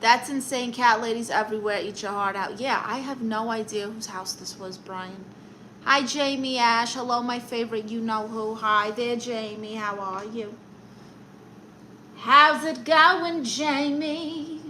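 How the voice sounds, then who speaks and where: A bright, sharp-toned woman with a Brooklyn accent, chatting casually on a live stream as she reads out comments. She teases and roasts her viewers in a sassy, playful way, her voice sitting a touch high, with a faint hum underneath. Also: steady tone, normal speed, rough recording. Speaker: live-stream host reading chat.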